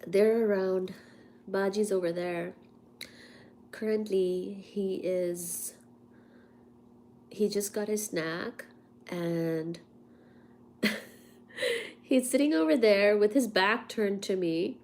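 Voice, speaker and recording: A woman chats on a livestream from her home, hoarse and worn down by a cold. Her unhurried, mellow voice often sinks into a whisper between coughs. A faint hiss sits under her voice. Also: medium pitch. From India. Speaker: livestream host and physics teacher. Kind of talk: casual livestream chat. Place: at home, indoors.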